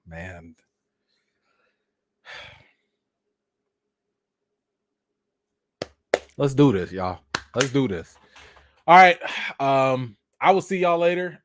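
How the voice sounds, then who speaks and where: A man hosting a casual live-stream chat, thanking viewers and reacting to news, animated and excitable. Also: no echo, studio quality. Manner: animated, jumps high when excited, addresses chat directly.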